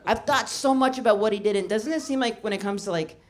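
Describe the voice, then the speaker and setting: A woman comedian performing a stand-up set, telling stories in a deadpan way and acting out the people in them. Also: a little high, fast talker. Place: comedy show before a laughing audience. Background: audience laughter.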